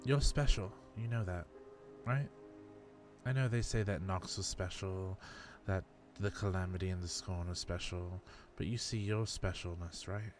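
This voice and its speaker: A man's voice: deep voice, fairly even intonation, moderate pace, few pauses, faint music behind. A man acting as game master in a live-streamed tabletop game, asking earnest, probing questions in character.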